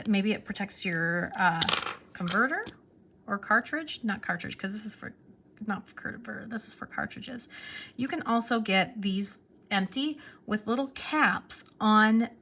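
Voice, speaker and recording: A young woman chatting excitedly in a casual show-and-tell vlog, restarting her sentences as she goes. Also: mid-range voice. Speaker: pen vlogger.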